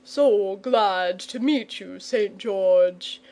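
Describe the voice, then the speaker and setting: A woman's voice: medium pitch, drawn-out words, a little mellow. A woman voicing a nervous, polite, stubborn male dragon in a storybook reading. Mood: genial, fussy. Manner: polite, fussy and coy.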